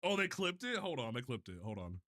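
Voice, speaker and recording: A man hosting a casual livestream, talking in an animated, profane way with frequent stumbling restarts. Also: medium pitch, brisk. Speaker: livestream host.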